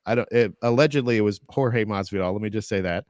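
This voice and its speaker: A man's voice: on the low side, fast, darkish tone, dry recording. Guy rambling on a podcast, lots of restarts, dry mic. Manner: rambling, many restarts, laughing asides. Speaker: podcast co-host. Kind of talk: casual chat.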